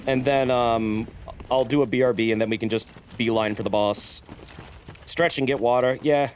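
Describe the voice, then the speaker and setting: A man's voice: medium pitch, steady tone, normal speed, slight background noise. A man streaming a game, chatting casually and cursing while he explains the lore. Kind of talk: casual gameplay commentary.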